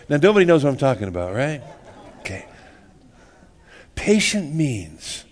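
A man's voice: a little high, sing-song, measured pace. A joking, folksy male pastor preaching. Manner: folksy and joking, acts out little scenes, repeats words. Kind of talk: sermon. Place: church.

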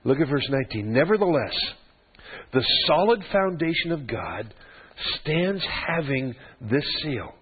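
An older pastor with a sing-song voice on the high side preaches an expository sermon at a measured pace, his tone carrying a breathy edge. He teaches from scripture with humorous, conversational asides to the congregation, and the recording is a phone-like, lo-fi radio broadcast.

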